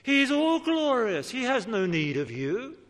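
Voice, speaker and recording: A man's voice: extremely high pitch, big pitch swings, unhurried, a bit bright. A man preaching a sermon in an earnest, pleading way, pressing his listeners with questions. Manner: earnest, pleading, rising to emphatic appeals. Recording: long reverb of a large hall.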